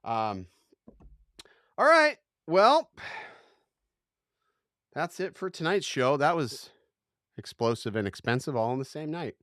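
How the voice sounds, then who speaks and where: A man's voice: mid-range voice, expressive, normal speed. A young man chatting as a livestream host, rambling and self-mocking, flaring up then cooling down. His voice sits in an ordinary male range. The sound is dry, with no room echo. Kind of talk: casual chat.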